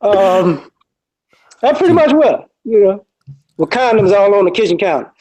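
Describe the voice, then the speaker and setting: Podcast guest guy, high voice, crude jokes, laid back. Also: sing-song, moderate pace, a little mellow, poor audio. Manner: crude joking. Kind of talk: casual podcast chat.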